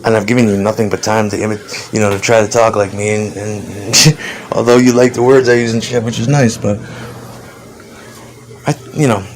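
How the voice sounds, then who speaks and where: A man's voice: lowish voice, fairly even intonation, moderate pace, a little hiss or hum, poor audio. A man talking in a rambling, profane monologue, laughing often between thoughts. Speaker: vlogger.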